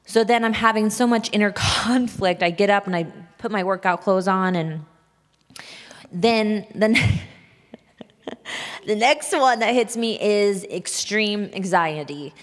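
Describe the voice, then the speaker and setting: A woman's voice: medium pitch, measured pace. A woman sharing a personal testimony with an audience, talking openly and confessionally, sounding shaky and nervous. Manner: open, confessional, breaks into nervous laughs. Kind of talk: candid personal talk to an audience. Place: large hall at a church event. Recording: long hall reverb.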